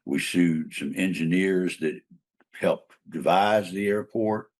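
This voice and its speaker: A man's voice: deep voice, takes it slowly. An older man, a trial lawyer and mediator, telling a long case story in a casual interview, rambling with fillers and restarts.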